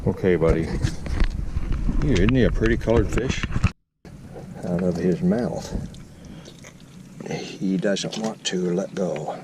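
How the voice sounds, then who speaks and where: A man's voice: sits low, takes it slowly, long pauses. An older man narrating his fishing trip in a casual vlog, chatting playfully to the fish and his viewers from a small boat. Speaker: angler vlogger. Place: small boat on a lake outdoors. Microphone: boat-mounted camera mic. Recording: outdoor camera audio with steady noise.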